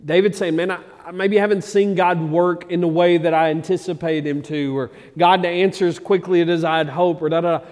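A man preaching a sermon as pastor, moving from loud emphatic passages to low quiet ones. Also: steady tone, fairly quick, hardly any pauses, in a large hall. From Arkansas, USA.

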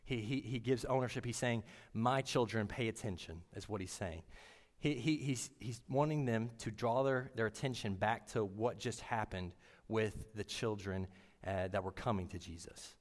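A man giving a sermon in an earnest, halting way, often restarting his words. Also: fairly low pitch, long reverb tail. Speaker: preacher.

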